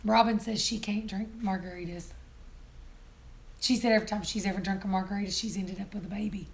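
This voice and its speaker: A hoarse woman, hosting a casual live-stream chat, chatty and quick to laugh. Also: mid-range voice, fairly even intonation. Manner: chatty, laughs often, teasing. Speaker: vlog host.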